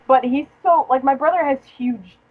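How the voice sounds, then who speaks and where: A young woman chatting casually as a podcast host, her voice pitched a little high. She tells her story in a profane, joking way and breaks into laughter often. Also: unhurried, phone-quality sound. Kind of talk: casual chat.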